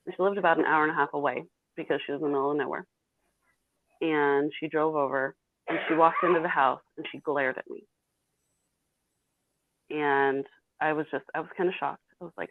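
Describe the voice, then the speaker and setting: A woman's voice: sits low, fairly even intonation, a little fast, long pauses, no room sound. A woman in her thirties, a guest telling her own painful story candidly and bluntly. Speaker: interview guest. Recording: tinny phone-like call audio.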